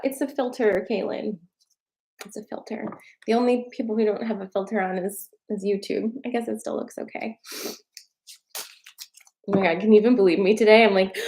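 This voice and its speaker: A woman's voice: medium pitch, fairly even intonation, a little fast, pauses often, a little mellow. A young woman hosting a live tarot stream, talking casually and emotionally with viewers, tearful at times, swearing and laughing as she goes. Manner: emotional, chatty, swears, laughs through tears.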